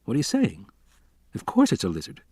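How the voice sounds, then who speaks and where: A man's voice: lowish voice, wildly swooping pitch, a little fast, mellow, husky, dry recording, studio quality, heavily acted. A man voicing a talkative, placating biologist who explains at length. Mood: reassuring.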